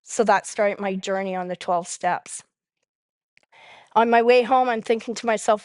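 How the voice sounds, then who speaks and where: A woman's voice: mid-range voice, measured pace, no room sound, clean studio sound. Woman telling her recovery story. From Canada. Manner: animated storyteller who acts out quoted dialogue. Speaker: main speaker at a recovery convention. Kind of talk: personal recovery testimony.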